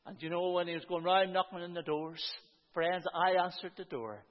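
A man's voice: sits high, level tone, moderate pace. A man in his fifties preaching his testimony to a church gathering, earnest and often repeating "and you know, friends". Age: 50s. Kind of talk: sermon testimony. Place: church hall with about 150 people. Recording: reverberant hall, dull lo-fi sound.

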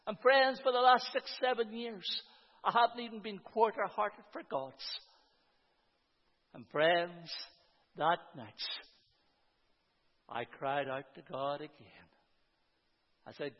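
In a reverberant church hall holding about 150 people, a fifties-aged man preaches his testimony with earnest conviction, often saying "and you know, friends." He has a high-pitched voice, keeps a measured pace, and pauses frequently, all captured in muffled lo-fi sound.

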